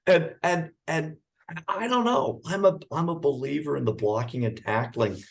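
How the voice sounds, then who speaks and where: A man's voice: mid-range voice, very animated, moderate pace, gravelly. A middle-aged man, a firm founder as podcast guest, telling stories casually with many restarts and fillers. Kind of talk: conversational storytelling.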